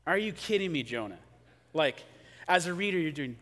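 Animated male preacher in a reverberant hall. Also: on the high side, moderate pace. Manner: conversational, animated, acts out quotes. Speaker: pastor. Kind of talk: sermon.

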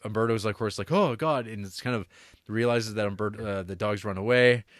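A man's voice: lowish voice, fast talker, no echo, studio quality. A man on a podcast, casually and animatedly retelling a film's plot, cursing freely. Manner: animated storyteller, drops into quoted voices; curses casually. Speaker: podcast co-host. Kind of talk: casual chat retelling a film.

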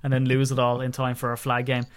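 An excitable, jokey man co-hosting a casual podcast, nursing a cold. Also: mid-range voice, clean tone. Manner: excitable, jokey, quick to tease. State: sick with a cold, coughing. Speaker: podcast co-host.

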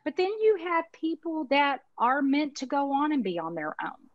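A woman's voice: high voice, sing-song, moderate pace, no echo, muffled recording. Chatty Texan woman in her fifties. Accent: Texas. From Texas. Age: 50s. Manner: folksy, chatty, emphatic, uses Southern expressions. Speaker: insurance marketing organization owner, guest. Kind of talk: casual conversational interview.

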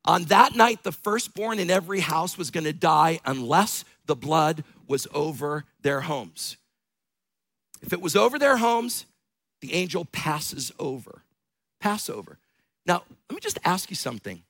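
Man, middle-aged pastor, lively high voice, gravelly edge, dry close sound. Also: measured pace, no echo. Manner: animated storytelling with bursts of shouting and laughter. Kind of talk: sermon.

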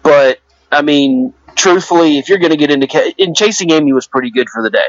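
A man's voice: on the high side, fast talker, dry recording. Laid-back opinionated man, dull dry audio. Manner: laid-back, filler-heavy, offers opinions. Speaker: podcast co-host. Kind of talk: casual chat.

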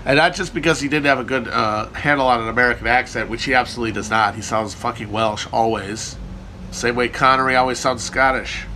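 Hosting a casual livestream, a man answers viewer questions in a rambling, irreverent, profane manner, riffing and joking with the chat. His voice is medium-pitched and steady, with a brisk pace and a sharp tone. There's slight background noise.

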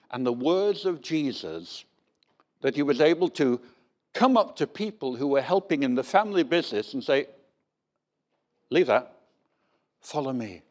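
A man preaching a sermon with a lively, swooping voice that rises and falls widely. He tells stories animatedly, putting on voices for the people in them. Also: fairly high pitch. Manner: storytelling, animated, acts out voices in quotes.

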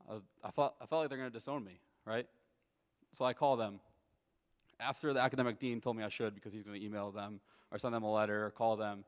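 A man's voice: fairly low pitch, long reverb tail. A young man in his twenties telling a personal testimony to an audience, casual storytelling that keeps checking in with listeners. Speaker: speaker giving a personal testimony.

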